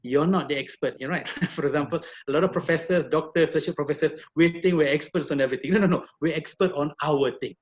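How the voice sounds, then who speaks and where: A middle-aged man from Malaysia, a professor telling a personal story in an animated way with many repeated words, heard over a video call. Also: on the high side, fast talker, few pauses. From Malaysia (Perak). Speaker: professor and guest speaker. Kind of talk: storytelling talk. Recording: dull lo-fi video call audio.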